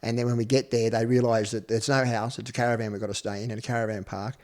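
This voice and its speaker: An Australian man in his fifties, appearing as an interview guest, tells his life story with blunt, profane candor. His medium-pitched voice has a darkish tone, and he speaks quickly in a level tone.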